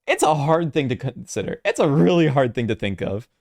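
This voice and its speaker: A man's voice: mid-range voice, animated, brisk, creaky, a little mellow. A young man streaming from home, chatting casually and reacting to other streams, swearing freely and laughing often.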